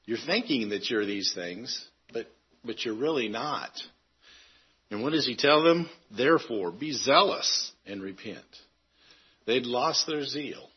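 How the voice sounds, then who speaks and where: A man preaching a sermon in an earnest way, halting often and restarting his phrases. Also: mid-range voice, expressive, husky, highs cut off.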